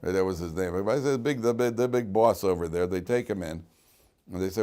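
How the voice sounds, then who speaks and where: Animated joking rabbi telling stories. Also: male voice, sits low, brisk. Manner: animated, joking storyteller who repeats words. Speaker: rabbi teaching a weekly class. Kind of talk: lively classroom storytelling.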